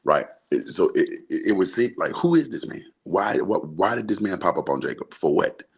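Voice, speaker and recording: A man from Alabama with an extremely deep, husky voice. He talks through ideas in a relaxed, unhurried way, often pausing to ask "right?". He sounds like one half of a casual podcast chat. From Birmingham, Alabama, US. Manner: explains slowly, often checks in with "right?". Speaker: podcast co-host discussing the Bible.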